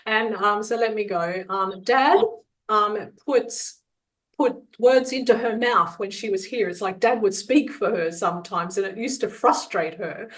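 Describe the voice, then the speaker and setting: A middle-aged woman talks her way through a live psychic reading for a group. Her voice sits at an everyday, middle pitch. She is chatty and affectionate and laughs easily as she goes. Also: a little slow, a bit bright, rough recording. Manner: chatty and affectionate, laughs often, calls people darling. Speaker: psychic medium.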